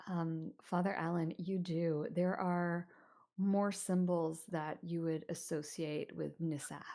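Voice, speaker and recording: A woman's voice: lowish voice, steady tone, takes it slowly, warm tone. Woman narrating as game master. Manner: descriptive, with frequent fillers.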